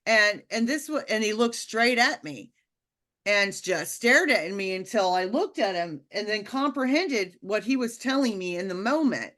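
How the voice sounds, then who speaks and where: A woman casually telling a personal spiritual story, animated and acting out the quotes, often laughing. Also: mid-range voice, normal speed. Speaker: podcast guest telling a testimony.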